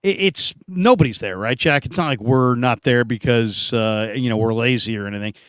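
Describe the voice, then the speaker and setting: A man's voice: mid-range voice, normal speed, a bit bright, smooth, no echo. A man hosting a casual sports talk show, chatting and reading out viewer comments.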